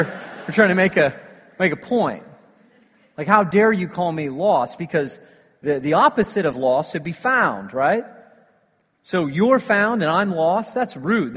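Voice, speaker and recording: Guy preaching a sermon, husky voice, big echoey hall, gets loud then goes quiet. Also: a little high. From United States. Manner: animated storytelling, swinging between loud emphasis and hushed asides. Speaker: pastor. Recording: long hall reverb.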